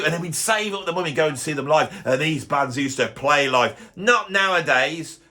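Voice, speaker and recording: With a pushed, bright voice on the high side, a middle-aged man does a comic YouTube character: a sour, cranky music snob who blusters, grumbles and trips over restarts.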